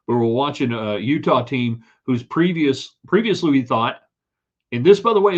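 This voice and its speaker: Here a male sports podcast host with a slightly rough mid-range voice chats through a live sports stream, offering opinionated commentary that wanders and restarts. He's captured on a streaming setup mic with slightly dull, lo-fi sound.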